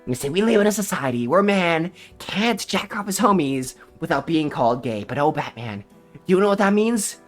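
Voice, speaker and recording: A man's voice: a little high, animated, soft background music, lightly acted. A man voicing an unhinged, taunting male clown villain in a theatrical parody. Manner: theatrical, sly, drawn-out taunting.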